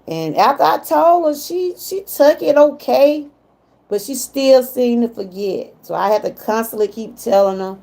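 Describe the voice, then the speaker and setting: A woman's voice: on the high side, lively intonation, unhurried, creaky, mellow. A middle-aged woman with a Southern US accent, chatting casually with viewers on a livestream and getting emotional when she talks about her mother. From Georgia, US. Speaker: livestream host.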